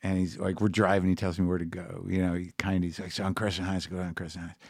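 Low-voiced man telling a rambling story. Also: level tone, quick pace, husky, no echo. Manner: rambling, profane, lots of fillers. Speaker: guest comedian. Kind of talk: casual storytelling chat.

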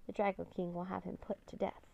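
A woman voicing a shy, gentle young woman weaver who speaks softly but firmly. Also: mid-range voice, little pitch movement, brisk, gravelly, lo-fi sound. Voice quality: soft but firm.

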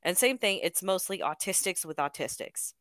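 A woman's voice: lowish voice, expressive, moderate pace, a bit bright, dry recording, clean studio sound. A woman co-hosting a podcast, retelling a show in a chatty, giggly way. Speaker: podcast co-host. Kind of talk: casual podcast chat.

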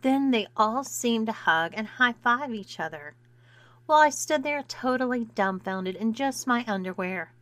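A woman narrating a first-person story in an expressive, animated reading. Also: a little high, unhurried, no room sound.

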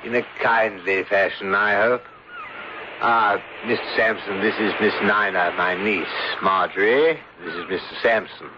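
An actor playing a courtly, falsely genial uncle with a scheming edge, in a muffled old radio recording with hiss. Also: male voice, on the low side, measured pace, natural voice. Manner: courtly, ingratiating. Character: suave scheming middle-aged man, falsely genial uncle. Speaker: uncle of a young lady. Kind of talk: 1940s radio acting.

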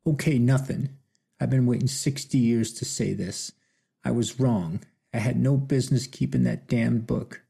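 A frail old outlaw on his deathbed, as a male narrator puts him on, croaking out his words through weak, tearful breaths. The voice is gravelly and dark, with a husky edge, like an audiobook character near the end. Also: medium pitch, moderate pace, full character voice. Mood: remorseful.

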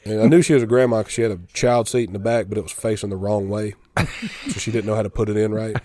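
Deadpan man telling a story. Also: on the low side, fast talker, no room sound. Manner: drawling, deadpan storyteller who acts out both sides of a quarrel. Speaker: podcast co-host. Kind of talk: casual storytelling chat.

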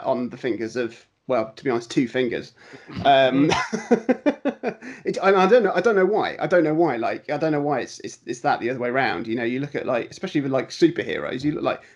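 A male co-host chatting at a middle pitch. He hesitates, repeats phrases and laughs easily between points. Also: lively intonation, brisk. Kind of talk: casual chat.

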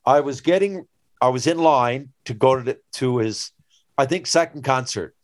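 A man's voice: mid-range voice, moderate pace, no room sound. Rambling older man. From Newfoundland, Canada. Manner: rambling storyteller, animated when retelling anecdotes. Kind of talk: casual chat.

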